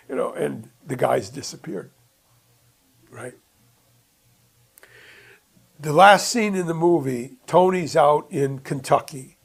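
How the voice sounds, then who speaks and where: A man presenting a workshop, retelling a film plot in an animated way with chuckles, acting out the scenes as he goes. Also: medium pitch, gravelly, slightly rough.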